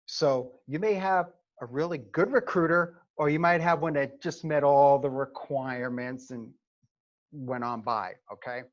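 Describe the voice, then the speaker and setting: A man's voice: medium pitch, measured pace. A middle-aged man, a former Army first sergeant, tells stories to advise students. He often stops to check in with "okay?". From New York. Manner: animated storyteller, frequent "okay?" check-ins. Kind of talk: conversational seminar talk. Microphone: video call. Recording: lo-fi video call audio.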